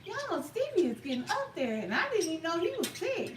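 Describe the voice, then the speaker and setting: A woman's voice: very high voice, big pitch swings, fairly quick. A woman hosting a cooking live stream, talking outdoors in a chatty, emphatic, folksy way. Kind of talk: casual live-stream chat. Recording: echoey, distant mic, faint outdoor noise.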